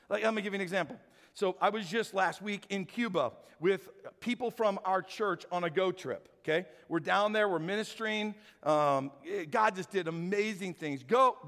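Pastor, male, higher register, lively storyteller, reverberant sanctuary. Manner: animated storytelling, acts out dialogue. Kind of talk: sermon. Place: church sanctuary. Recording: hall reverb from church sanctuary.

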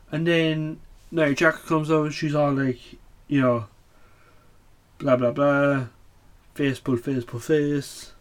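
A man hosting a casual show recap, blunt and opinionated, swearing often and full of fillers. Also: medium pitch. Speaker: wrestling podcast host.

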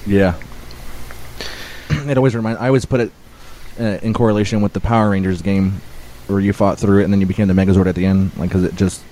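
A man's voice: low-pitched, steady tone, fast talker, pauses often, warm tone, a little hiss or hum, rough recording. A man hosting a podcast in loose casual chat, swearing and laughing as he rambles. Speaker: podcast host.

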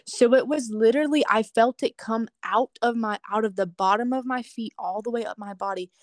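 A woman earnestly telling a personal testimony in casual conversation, animated and full of casual fillers. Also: fairly high pitch, brisk, no echo, clean studio sound. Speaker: guest sharing a testimony.

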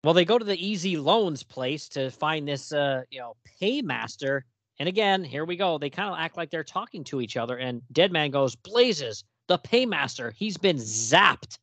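A man co-hosting a casual comic book podcast, animated and exasperated, reading panel dialogue aloud in character. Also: on the high side, normal speed, dry recording. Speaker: podcast co-host.

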